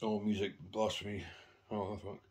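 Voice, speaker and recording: A man's voice: on the low side, flat delivery, moderate pace, background noise. A man casually rambling through anecdotes about his record collection, swearing constantly.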